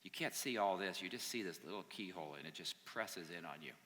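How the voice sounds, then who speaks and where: A man's voice: deep voice, lively intonation, fairly quick, bright, forceful tone. A man telling a Bible story to a young adult group, acting out the characters' lines with conversational asides. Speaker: youth pastor. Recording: long hall reverb.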